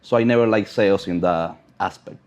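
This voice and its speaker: Speaking briskly in a low, slightly mellow voice, a man with a non-native English accent appears as a brand ambassador on a casual podcast. His storytelling is blunt, emphatic, and heavy on profanity.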